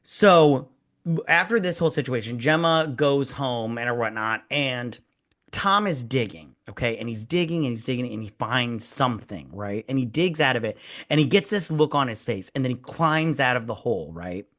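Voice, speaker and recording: A man's voice: mid-range voice, moderate pace. A man hosting a casual movie review podcast, swearing freely and acting out scenes in quoted voices. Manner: profane, animated, acts out scenes in quoted voices. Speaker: podcast host.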